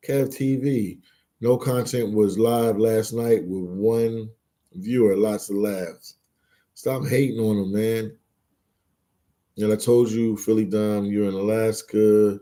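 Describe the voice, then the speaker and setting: A man's voice: lowish voice, steady tone, takes it slowly, dark tone. A man hosting a casual live stream, reading chat aloud and bantering, repeating words and phrases as he goes. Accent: Philadelphia.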